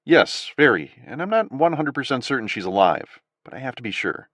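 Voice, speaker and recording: A man's voice: mid-range voice, big pitch swings, fairly quick, a bit bright, dry recording, voice pushed up. A man voicing a weary, earnest father searching for his daughter, close to his own voice.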